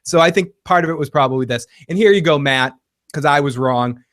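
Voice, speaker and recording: Casual podcast co-host, man, slightly high voice, laughs a lot, dry close recording. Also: a little fast, fairly bright tone, no echo. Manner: laughs often, quotes scenes in bits of acted dialogue. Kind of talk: casual recap chat.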